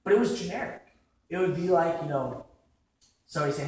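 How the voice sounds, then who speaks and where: A man's voice: fairly high pitch, animated. Young man, casual sermon, conversational, many fillers, distant mic, big reverberant room. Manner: conversational, full of "like" fillers, acts out quick quotes. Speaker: preacher. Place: large echoing church hall. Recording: very echoey hall from far off.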